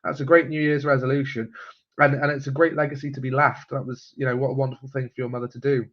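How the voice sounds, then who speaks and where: A man's voice: medium pitch, level tone, fast. A man hosting a live stream, chatting casually through viewer comments with frequent ums and chuckles. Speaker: host of a live genealogy stream. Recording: slightly muffled lo-fi audio.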